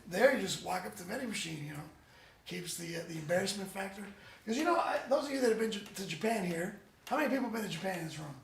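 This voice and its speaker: A high-voiced man with a gravelly edge tells stories in an animated, rambling way, often restarting his sentences. His voice is picked up from across a roomy, echoing space with a faint hiss behind it. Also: very fast. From United States. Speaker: band member, guest. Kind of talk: casual interview chat. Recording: roomy echo, distant mic.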